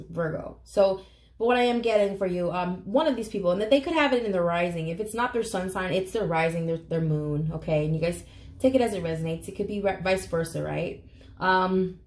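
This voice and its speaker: A woman's voice: medium pitch, a little mellow. A woman giving a casual tarot reading to camera, earnest and emotional, swearing casually as she talks. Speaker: tarot reader. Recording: echoey room.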